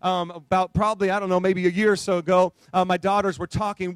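A male pastor preaching a conversational sermon, animated and full of rhetorical questions to the congregation. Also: high-pitched, quick pace, smooth, dry recording.

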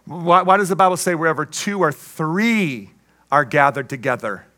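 A man's voice: on the high side, expressive, normal speed, pushed and bright. A man preaching a sermon as pastor, emphatic, with call-and-response asides and playful jokes.

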